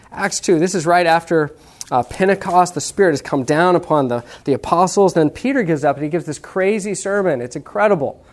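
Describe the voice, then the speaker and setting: A man preaching a sermon to a live audience, lively and humorous, checking in with the listeners and acting out what people say. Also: fairly high pitch. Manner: talks to the audience with many "okay?" checks. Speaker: pastor teaching on evangelism.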